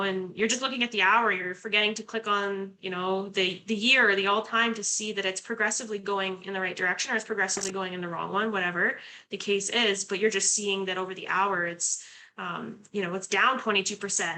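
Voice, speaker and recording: A woman's voice: mid-range voice, pushed and bright, poor audio. A young adult woman from Canada, a guest co-host chatting casually with many fillers and restarts. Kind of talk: casual talk-show chat.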